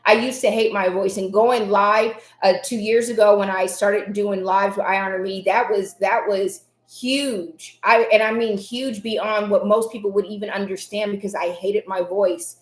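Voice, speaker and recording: Woman, motivational live-stream talk, earnest and emphatic, slightly raspy, echoey room. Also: mid-range voice, steady tone, moderate pace, few pauses. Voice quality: says her voice can be raspy at times. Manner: earnest, repetitive, emphatic affirmations. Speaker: host of a live self-help stream.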